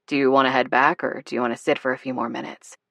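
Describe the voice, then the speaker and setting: A woman narrator voicing a soft-spoken, sincere grown woman with a low, sweet voice in an audiobook. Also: flat delivery, quick pace, vocal fry, no room sound, studio quality, heavily acted. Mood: gentle.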